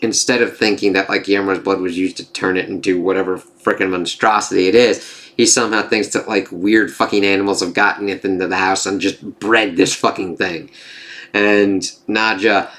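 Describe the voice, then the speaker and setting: Excitable, swearing man recapping an episode. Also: low voice, moderate pace. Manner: excitable, profane, lots of "kind of" and "like". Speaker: TV episode reviewer. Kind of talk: casual spoiler recap and review.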